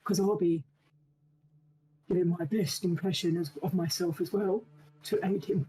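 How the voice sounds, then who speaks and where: A player in a tabletop game, talking in a hesitant, halting way with many fillers. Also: mid-range voice, steady tone, mellow, breathy edge, low-quality recording. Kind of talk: casual tabletop play.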